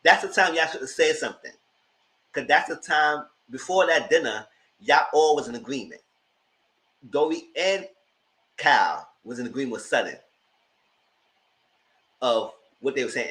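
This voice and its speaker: A man hosting a live TV review, giving sassy, animated commentary straight to his viewers. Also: medium pitch, normal speed, pauses often, low-quality recording. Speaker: TV review host.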